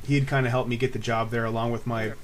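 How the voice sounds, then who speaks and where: A man's voice: mid-range voice, little pitch movement, quick pace, crowd noise. A man in his twenties tells a personal story to camera in a rambling, laid-back way, with lots of fillers and swearing. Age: 20s. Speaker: vlogger.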